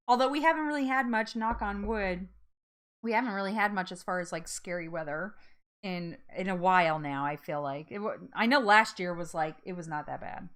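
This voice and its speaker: A woman hosting a casual live-stream chat, bubbly and chatty, laughing often and reacting out loud to viewer comments. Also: medium pitch.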